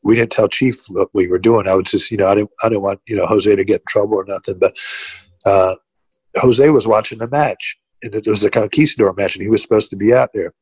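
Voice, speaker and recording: An older man recalls his days on the road as a wrestler, talking in a loose, rambling way full of "you know" and restarts. His voice sits a little low. The recording is dry and close, with no room sound. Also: fairly quick, darkish tone, husky, no echo, poor audio. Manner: rambling, many fillers and restarts. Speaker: former pro wrestler, guest. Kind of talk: casual interview storytelling.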